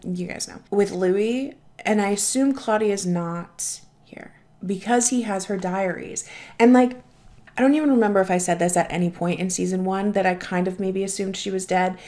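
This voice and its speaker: Young woman reaction host: chatty, gushing, mid-pitched, casual swearing. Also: a little mellow.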